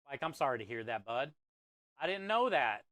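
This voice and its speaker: A man with a medium-pitched, fairly bright voice speaks at normal speed with big swings in pitch, and there's no echo. He's hosting a live cooking stream from a kitchen or food truck, chatting in a friendly, laid-back way, reading viewer comments aloud and calling people "bro" and "dude."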